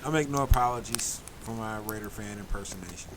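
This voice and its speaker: A man's voice: lowish voice, brisk, noisy background. A man co-hosting a casual sports podcast, joking loosely and trash-talking rival teams. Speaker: podcast co-host.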